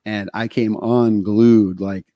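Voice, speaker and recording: A man's voice: fairly low pitch, fairly even intonation, takes it slowly, dark tone, no echo, clean studio sound. A middle-aged man from the United States co-hosting a podcast, telling candid stories with lots of fillers. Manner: candid storytelling with many fillers. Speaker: podcast co-host. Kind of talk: casual podcast talk.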